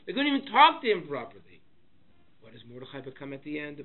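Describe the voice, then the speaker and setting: A man, a rabbi teaching a Torah class, who asks rhetorical questions and swings between loud emphasis and quiet asides, saying Hebrew terms with Ashkenazi pronunciation. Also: fairly high pitch, wildly swooping pitch, fast talker. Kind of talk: Torah lesson to students. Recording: tinny phone-like lo-fi audio.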